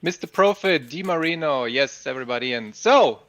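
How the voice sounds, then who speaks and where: A man's voice: fairly high pitch, lively intonation, moderate pace, few pauses, a bit bright, no room sound. A man hosting a casual livestream, upbeat and greeting chat viewers by name. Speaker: livestream host. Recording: dull lo-fi sound.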